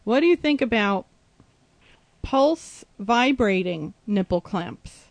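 A woman's voice: mid-range voice, expressive, slow, dry recording. A woman hosting a frank, casual chat, talking bluntly and teasing. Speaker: host.

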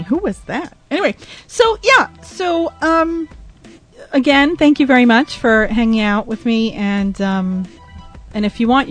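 A woman hosts a podcast in a chatty, rambling way, with plenty of fillers. Her voice sits at an ordinary pitch, and faint music plays behind her. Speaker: podcast host. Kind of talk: casual podcast talk.

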